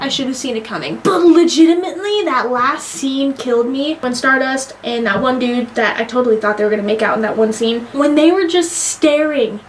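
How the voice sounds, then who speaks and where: High-voiced, excitable young woman reviewer. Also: a little hiss or hum. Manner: excitable, gushing, swears freely. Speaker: movie reviewer. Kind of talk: casual vlog review.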